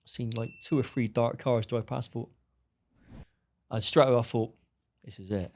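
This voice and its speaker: A man's voice: mid-range voice, fairly even intonation, normal speed, darkish tone. A middle-aged man, bluntly telling his story as a podcast guest and acting out the dialogue. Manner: blunt, swearing, acts out dialogue. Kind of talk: storytelling interview.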